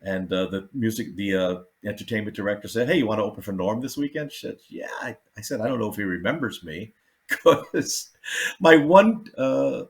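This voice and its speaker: An older man, a comedian, telling stories in a casual chat and acting out the people he quotes. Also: moderate pace. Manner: animated, acts out quotes with big jumps in pitch. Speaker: comedian guest.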